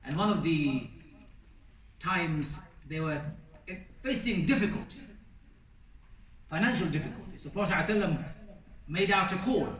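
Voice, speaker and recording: A man's voice: a little high, expressive, normal speed, pauses often, fairly bright tone. A man preaching a sermon in a mosque, earnest and emphatic, stacking phrases into lists and sprinkling in Arabic blessings. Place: mosque hall. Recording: roomy mosque hall, distant mic.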